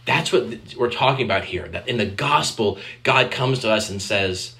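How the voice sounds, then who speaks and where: A man's voice: lowish voice, normal speed, few pauses, bright, forceful tone. A man preaching a conversational sermon, speaking directly to the children in the congregation and acting out quoted voices. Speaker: pastor.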